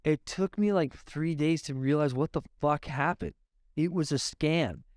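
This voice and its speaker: A man from Canada telling stories as a guest in a podcast interview, animated and swearing often, with laughs. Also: on the high side, a little slow, no room sound, clean studio sound. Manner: animated, profane, laughing storyteller. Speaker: realtor guest. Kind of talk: casual podcast storytelling. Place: podcast studio.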